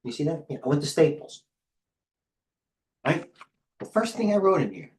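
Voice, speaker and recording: A man's voice: a little high, very animated, moderate pace. Man, middle-aged, trading stream host, casual, rambling, wisecracking, muttering. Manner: rambling, joking, self-deprecating, mutters to himself. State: out of breath. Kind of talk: casual live-stream commentary.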